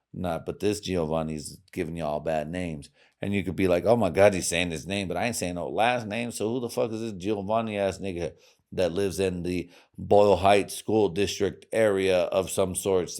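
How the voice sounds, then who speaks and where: A man with a very deep voice rants through his own podcast. He swears constantly and wanders from point to point, his volume and pitch lurching up and back down. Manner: crude, swearing, rambling; loud swings in volume and pitch. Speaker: podcast host. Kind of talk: profane rambling monologue.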